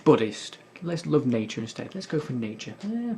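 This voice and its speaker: A man's voice: mid-range voice, big pitch swings, normal speed, darkish tone, a little hiss or hum. A young man hosting a gaming video, rambling in casual sardonic commentary and swearing often. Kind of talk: casual commentary while playing.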